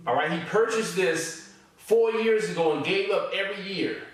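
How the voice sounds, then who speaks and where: A man's voice: high voice, normal speed, a bit bright, heavy reverb, far from the mic, faint music behind, poor audio. A man teaching a forex trading course. He reads student testimonials aloud and comments on them in a casual, repetitive way, often checking in with "all right?" and "okay?".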